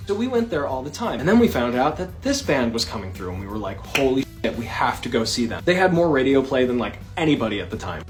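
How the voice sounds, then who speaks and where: A man in his thirties tells a casual story with real animation, acting out each scene as he goes. His pitch swings widely from low to high, and faint music sits quietly in the background. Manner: animated, acts out the scenes he describes.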